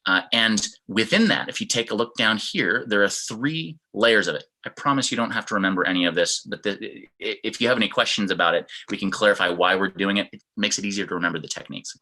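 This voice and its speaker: Man, fitness instructor, online class, lowish voice, forceful, demonstrative. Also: fast, hardly any pauses, low-quality recording. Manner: demonstrative, acts out tones of voice.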